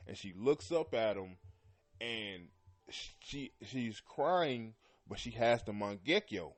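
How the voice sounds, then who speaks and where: A man hosting a podcast, talking loosely about an anime with lots of fillers and frequent throat clearing. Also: on the low side, lively intonation, takes it slowly. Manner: loose and rambling, heavy with "you know" and "man"; often clears his throat. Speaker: podcast host. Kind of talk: casual anime commentary.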